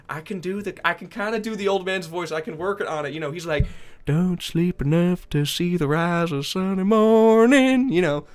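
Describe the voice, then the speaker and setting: A young man with a slightly high voice talks casually on a livestream. He answers chat, jokes and swears freely, and bursts out loudly at times. Faint music plays behind him. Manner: joking and profane, with sudden loud outbursts. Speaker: streamer.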